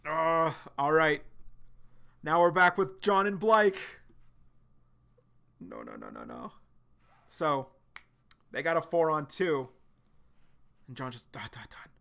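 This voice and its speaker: A man streaming a live reaction to a webcomic, excitedly recapping and speculating, swearing freely. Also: fairly high pitch, slow pace, creaky, long pauses.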